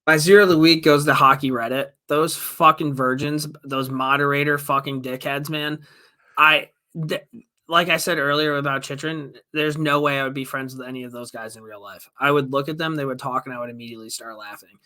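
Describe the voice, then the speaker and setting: A man's voice: medium pitch, steady tone, a little fast, bright, forceful tone. A man co-hosting a podcast who talks bluntly and rants with plenty of swearing. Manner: blunt, profane ranting. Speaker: podcast co-host. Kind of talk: casual chat.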